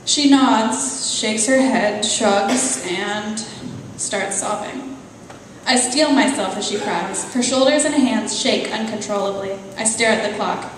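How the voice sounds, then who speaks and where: A woman author reading a passage of her novel aloud at a live event, at a measured, unhurried pace. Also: on the high side, slight background noise. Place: event venue, indoors. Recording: echoey hall, voice far from mic.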